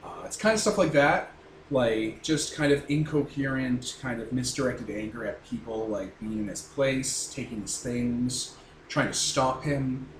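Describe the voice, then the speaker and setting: A man narrates a tabletop game as game master. He rambles through his explanations with frequent fillers. His mid-pitched voice carries room echo, with background noise behind it. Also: a little slow. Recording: roomy echo, noisy background.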